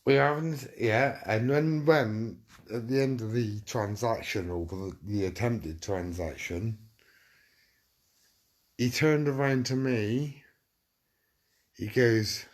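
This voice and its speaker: Man, middle-aged, low voice, casual swearing anecdote, lots of "i said". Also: takes it slowly. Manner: swearing, acts out quotes with "I said". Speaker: storyteller.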